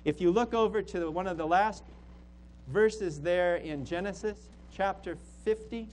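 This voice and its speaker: A man's voice: sits high, measured pace, slight background noise, low-quality recording. A man preaching a sermon as a pastor, emphatic and repeating key phrases for stress.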